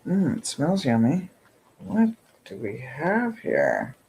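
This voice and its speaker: A man chatting through an unboxing, gushing with breathy exclamations and whispered asides. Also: on the high side, huge pitch swings, slow, a little mellow, lo-fi sound, a little hiss or hum. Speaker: vlogger unboxing subscription boxes. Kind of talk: casual unboxing chat.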